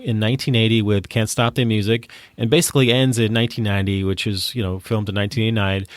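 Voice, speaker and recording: A man's voice: fairly low pitch, steady tone, quick pace, no room sound. Chatty middle-aged man, dry close mic. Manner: rambling, full of fillers and restarts, chuckles at his own jokes. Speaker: podcast co-host. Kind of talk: casual podcast chat.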